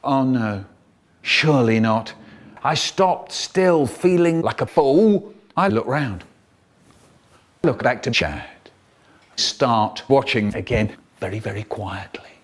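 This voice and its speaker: A man narrating a comic first-person story in an animated, exaggerated way. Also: medium pitch, takes it slowly, long pauses.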